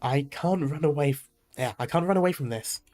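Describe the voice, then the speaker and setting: A man's voice: a little high, a little fast, darkish tone, faint music behind, lightly acted. A man reading aloud the lines of a grief-stricken young winged woman from a game, in a mostly plain, lightly acted voice. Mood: anguished.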